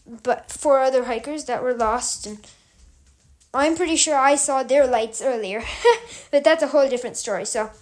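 A young woman podcast host telling a story in a calm, chatty way, loose with fillers. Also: high-pitched, normal speed. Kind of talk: casual storytelling.

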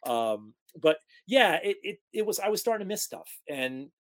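A man's voice: high voice, moderate pace. A man in his forties from upstate New York, a sports broadcaster telling career stories in a casual interview, acting out the voices of the people in them. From Capital Region of New York. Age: 40s. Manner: animated storyteller, acts out quoted talk.

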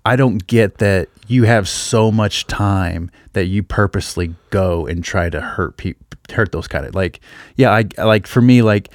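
A man's voice: lowish voice, a little slow, dry recording, clean studio sound. A man in his thirties co-hosting a casual podcast chat, rambling and laughing often. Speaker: podcast co-host.

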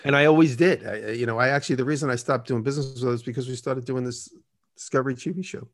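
A man's voice: medium pitch, fairly even intonation, rapid-fire. A man telling casual, rambling stories in an interview and acting out the dialogue in them. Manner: rambling, acts out quoted dialogue. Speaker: guest. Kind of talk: casual storytelling.

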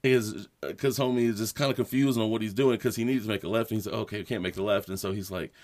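A man's voice: lowish voice, fast. A man co-hosting a podcast, telling a rambling story in casual chat, swearing and laughing as he goes. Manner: rambling, animated, swears a lot, laughs often. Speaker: podcast co-host.

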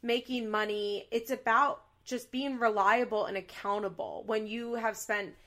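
A woman's voice: on the high side, steady tone, measured pace, pushed and bright. A woman hosting a podcast in casual recap chat, frank and opinionated, mixing jokes with earnest advice. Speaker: podcast host.

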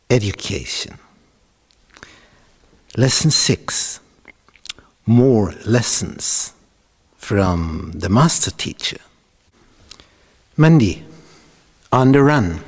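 A male pastor retelling a Bible story in a dramatic, animated sermon style. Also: medium pitch, drawn-out words, pauses often. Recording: reverberant hall.

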